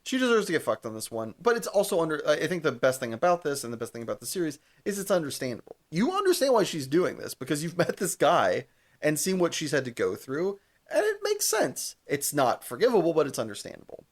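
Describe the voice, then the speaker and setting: Animated young man retelling a show. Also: a little high, fast talker. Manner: animated, laughing retelling, swears freely. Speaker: podcast co-host. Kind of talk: casual chat.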